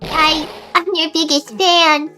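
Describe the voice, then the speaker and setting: A woman voicing an excitable, shy little girl acolyte in a game read-aloud, stammering eagerly. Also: high-pitched, takes it slowly, soft background music, voice pushed up, full character voice.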